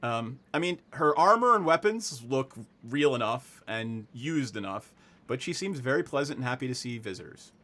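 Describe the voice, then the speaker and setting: A man narrating as game master of a streamed tabletop game, chatty and quick to laugh at himself. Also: mid-range voice, animated, pushed and bright.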